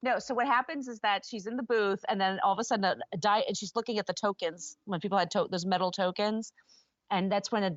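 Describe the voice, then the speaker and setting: A woman's voice: mid-range voice, steady tone, fast, no echo. A woman co-hosting a podcast, gushing and rambling emotionally in casual chat. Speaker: podcast co-host. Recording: dull, dry lo-fi sound.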